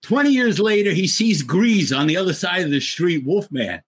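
A man's voice: high-pitched, moderate pace, husky. An older man on a panel, telling an anecdote with animation and acting out the quotes. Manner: animated storyteller who acts out the quotes.

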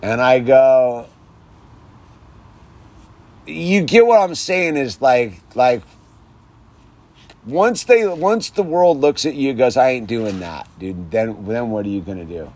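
A man's voice: mid-range voice, big pitch swings, slow pace, long pauses, darkish tone. A man talking outdoors in his yard in a casual, rambling monologue about sobriety and faith, saying "dude" constantly. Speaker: vlogger speaking on sobriety and faith.

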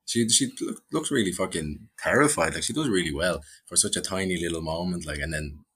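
Irish lad, really deep voice, bit husky, chill wry chat. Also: male voice, brisk, fairly bright tone. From Ireland. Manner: laid-back, wry, swearing. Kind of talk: casual chat.

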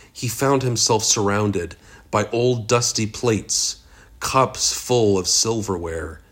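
Slow, husky-voiced male narrator. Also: on the low side. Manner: steady, measured reading. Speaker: audiobook narrator. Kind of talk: scripted narration.

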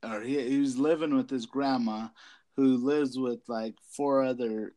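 A man co-hosting a podcast in casual chat, swearing constantly and giggling through animated stories. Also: mid-range voice, measured pace. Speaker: podcast co-host.

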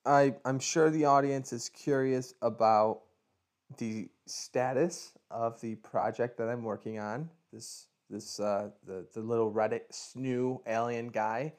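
A man's voice: medium pitch, fairly even intonation, slow pace, a little mellow. A man co-hosting a casual podcast, joking around and explaining his project step by step. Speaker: podcast co-host.

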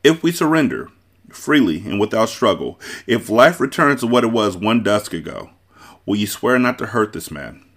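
A man voicing an earnest young woman, a princess-to-be, in a storybook reading, soft and pleading. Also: on the low side, big pitch swings, normal speed, exaggerated voice.

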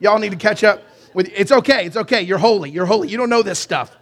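A pastor preaching a live sermon in church, lively and joking with his congregation. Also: high-pitched, fast. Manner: lively, banters with the congregation and sings song snippets. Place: church sanctuary.

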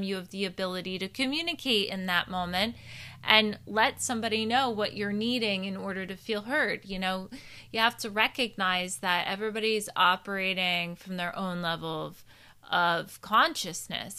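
A woman from New Jersey talks straight to her listeners in a casual self-help monologue, candid and willing to swear. Her voice is bright and crisp, and her Jersey accent comes through plainly. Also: medium pitch. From New Jersey, USA. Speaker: personal growth host.

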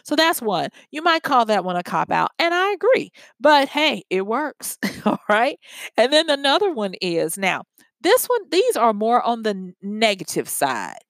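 A woman's voice: on the high side, sing-song, measured pace, fairly bright tone, no echo. A woman explaining ways to end a conversation politely, acting out short example lines and laughing now and then. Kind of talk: instructional talk.

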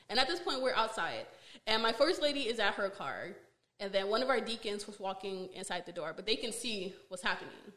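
A woman podcast host telling a personal story in a casual, animated way, exasperated and full of fillers. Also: on the high side.

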